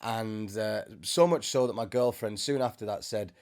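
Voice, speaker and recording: A man's voice: lowish voice, moderate pace, darkish tone, clear, resonant tone. A man giving an informal spiritual teaching to camera, conversational with joking asides, seated indoors. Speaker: Christian speaker. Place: indoors, sitting before a bright camera.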